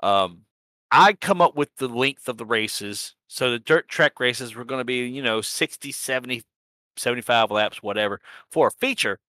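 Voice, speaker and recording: A man rambles through a racing season recap, cursing casually and laughing at himself. His voice is bright and forceful, at an everyday pitch, and the recording sounds dry and close. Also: normal speed, no echo. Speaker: sim racing league organizer and podcast host. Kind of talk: casual profane recap chat.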